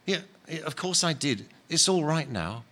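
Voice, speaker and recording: A man voicing a calm, gentle spirit. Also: on the high side, moderate pace, voice pushed up, exaggerated voice. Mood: serene. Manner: calm, patient, reassuring. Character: calm joyful male spirit, gentle, at peace. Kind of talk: dramatic reading aloud.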